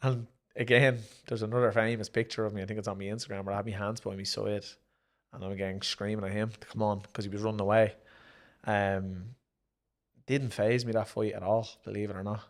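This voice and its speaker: A man's voice: lowish voice, a little fast. A middle-aged Irish man, a former boxer, telling stories of his fights in a casual interview, acting out what people said. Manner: animated, acts out quoted speech in raised voices. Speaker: guest, former professional boxer and promoter. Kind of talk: casual storytelling in a sit-down interview.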